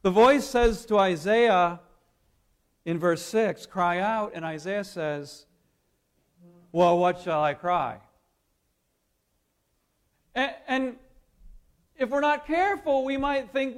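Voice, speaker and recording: A man preaching a sermon in a dramatic way, swinging from loud declarations to near-whispers and laughing lightly as he goes. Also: high voice, takes it slowly, long pauses. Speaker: pastor.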